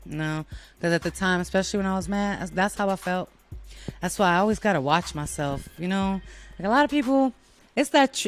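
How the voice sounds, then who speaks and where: A woman hosting a show, giving a blunt, sassy and profane casual monologue, animated and putting on voices when she quotes people. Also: medium pitch. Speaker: show host.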